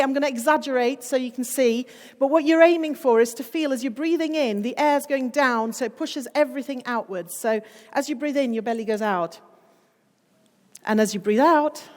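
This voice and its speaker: A middle-aged woman giving a wellbeing talk to a school group, upbeat and encouraging, slowing to a soothing pace when guiding breathing. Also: a little high, long reverb tail. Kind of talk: guided class activity talk.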